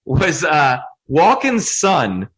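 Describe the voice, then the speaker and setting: A man talks casually as a podcast guest, venting with profane enthusiasm. His voice is slightly raised and a little husky, and it rises and falls widely as he gets worked up. He rants more than he reasons. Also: fairly high pitch, drawn-out words, muffled recording. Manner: animated, profane, ranting criticism. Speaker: podcast guest, comedy writer. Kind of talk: casual chat.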